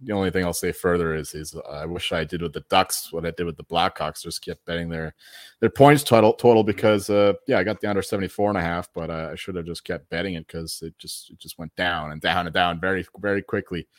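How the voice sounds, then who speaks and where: A man's voice: low voice, fairly even intonation, quick pace, no echo, clean studio sound. A man co-hosting a sports betting podcast, talking in a rambling way, repeating words and swearing casually. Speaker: podcast co-host.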